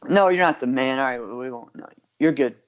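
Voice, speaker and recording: A man's voice: medium pitch, brisk, highs cut off. A man co-hosting a podcast, reacting to his partner with short exclamations in casual chat. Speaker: podcast co-host.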